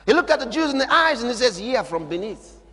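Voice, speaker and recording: Preacher, high lively voice, shouting in a reverberant hall. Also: male voice, fast. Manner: dramatic swings from soft murmurs to shouts. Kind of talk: sermon.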